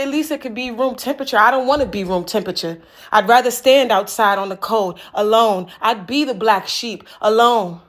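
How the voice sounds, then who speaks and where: A woman performing an improvised spoken word poem, raw and accusing, swinging between hushed lines and forceful ones and repeating words like refrains. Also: fairly high pitch.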